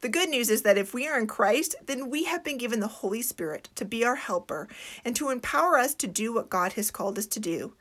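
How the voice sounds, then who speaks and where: A woman giving an earnest devotional talk on faith and homeschooling, reflective, slowing down to stress key points. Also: a little high, lively intonation, fairly bright tone. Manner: earnest, reflective, slows for emphasis. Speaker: Christian homeschooling speaker.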